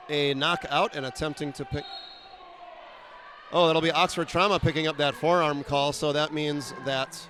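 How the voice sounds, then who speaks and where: A man calling a roller derby bout play by play, quick and wry, with frequent fillers and self-deprecating asides. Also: a little high, a bit bright. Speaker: play-by-play announcer. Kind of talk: live sports commentary.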